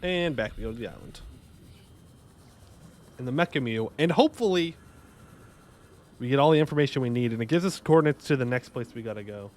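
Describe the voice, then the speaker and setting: A man's voice: medium pitch, lively intonation, fairly quick, pauses often, darkish tone. A young man streaming a game live, joking, rambling and bantering with his chat in a casual way. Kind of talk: casual gaming livestream commentary.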